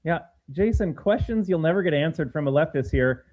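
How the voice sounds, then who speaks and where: A man co-hosting a political talk show, speaking in an animated, emphatic, sarcastic way. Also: on the high side, brisk. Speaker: podcast co-host. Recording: phone-like narrow sound.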